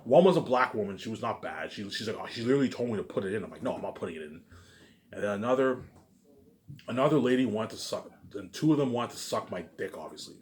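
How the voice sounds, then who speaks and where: A man's voice: on the low side, lively intonation, fast. A man in a rambling, boastful monologue, repeating himself and tacking filler phrases onto every sentence. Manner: repetitive, keeps adding "obviously" and "you know what I'm saying"; boastful, ranting.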